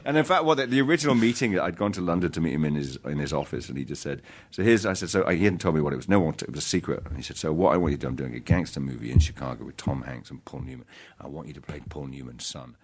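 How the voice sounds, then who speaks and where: A middle-aged actor guesting on a casual podcast interview tells stories in a halting, self-deprecating way, often restarting his sentences. His very deep, husky voice has lively intonation.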